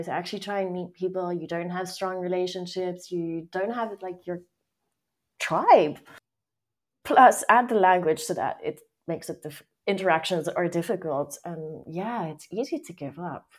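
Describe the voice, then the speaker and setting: A woman hosting a casual interview, supportive and quick to agree and laugh along. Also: on the low side. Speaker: host.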